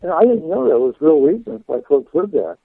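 Gravelly English man on a phone line. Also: on the high side, very animated, a little fast, dry recording. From England. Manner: chatty, laughing, many fillers and restarts. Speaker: guest minister. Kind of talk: radio interview storytelling. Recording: dry tinny phone line.

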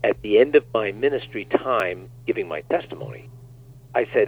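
A man, a guest minister, telling animated stories on a talk show and acting out the quotes. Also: fairly low pitch, normal speed, slightly rough. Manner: animated storyteller, acts out quotes. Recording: tinny phone line.

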